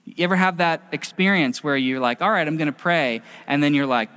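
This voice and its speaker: Animated man preaching in a reverberant hall. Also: fairly high pitch, fairly quick. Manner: conversational, animated storytelling with quoted asides. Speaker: pastor. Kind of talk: sermon.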